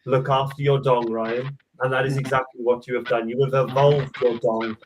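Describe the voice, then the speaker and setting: A man's voice: medium pitch, little pitch movement, moderate pace, slight background noise. A man, making theatrical mock speeches in casual stream banter. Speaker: co-host.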